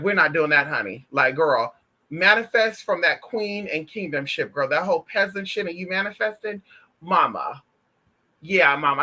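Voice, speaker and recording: A man chatting casually on a stream, sassy and animated, calling listeners honey and girl, swearing freely as he tells stories. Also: fairly high pitch. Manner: profane and emphatic. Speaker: spiritual vlogger. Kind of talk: casual livestream chat.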